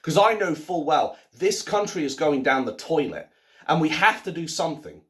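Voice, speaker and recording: A man in his thirties talking at home in a casual ranting monologue, swinging between low muttering and loud outbursts. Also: big pitch swings, normal speed. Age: 30s. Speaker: vlogger. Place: at home, by the sink.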